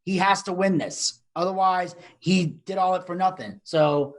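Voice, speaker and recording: A man co-hosting a casual podcast, his voice sitting a little high. He talks in long, chatty stretches with frequent restarts as he lays out his opinions. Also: a little slow. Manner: chatty, explains at length with many restarts. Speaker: co-host.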